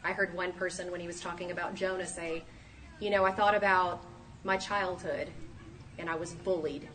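A woman in her thirties giving a sermon, lively and acting out the voices she quotes. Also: lowish voice, moderate pace. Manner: animated, acts out quoted voices. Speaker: speaker at a church talk. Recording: distant mic, faint room noise.

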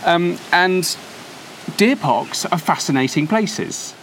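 A man's voice: on the high side, expressive, slow, fairly bright tone, slight background noise. Chatty man musing outdoors. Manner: chatty, musing, with frequent ums. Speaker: podcast co-host. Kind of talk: casual chat. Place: windy courtyard outside a church.

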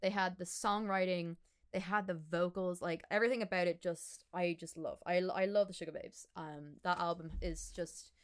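A woman's voice: on the low side, fairly even intonation, moderate pace, smooth. A young woman, a musician guest chatting casually on a podcast, laughing often and filling her talk with "like". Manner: chatty, laughing, many fillers like "like".

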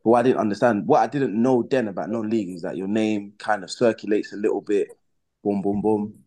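A man's voice: fairly low pitch, a little fast, mellow. A young man, a footballer guest on a podcast, telling his career stories casually, with slang, and acting out his own past reactions. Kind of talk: casual storytelling in a podcast interview.

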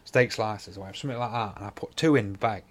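Talking very fast in a lowish voice, this male podcast co-host rambles through anecdotes in a casual chat. He swears heavily and performs the dialogue in his stories.

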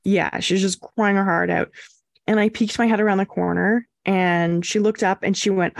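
A young woman co-hosting a podcast, telling a story in a casual, animated way and acting out quotes. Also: mid-range voice, moderate pace, creaky, no room sound. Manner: animated, acts out quotes with swearing and laughs. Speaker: podcast co-host.

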